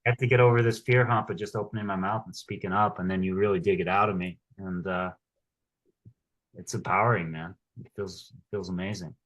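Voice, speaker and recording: A man taking part in a coaching workshop, sharing a personal story in a halting way with many restarts. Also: low voice, steady tone, fairly bright tone, low-quality recording. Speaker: workshop participant.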